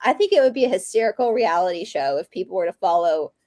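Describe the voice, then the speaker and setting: A woman's voice: lowish voice, lively intonation, quick pace, dark tone, no echo. A woman with a Southern American accent hosting a casual livestream chat, talking in a rambling, chatty way and laughing often. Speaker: host.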